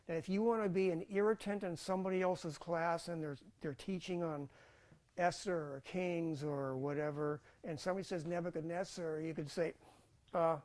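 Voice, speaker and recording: A man's voice: fairly high pitch, normal speed, a little mellow. A man teaching a Bible college class in a casual lecture style, thinking aloud with fillers and restarts.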